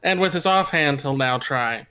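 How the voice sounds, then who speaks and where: A man's voice: fairly high pitch, lively intonation, normal speed, pushed and bright, a little hiss or hum, rough recording. A man playing in a tabletop game, upbeat and coaxing his dice as he describes his attacks. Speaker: player. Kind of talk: casual tabletop play.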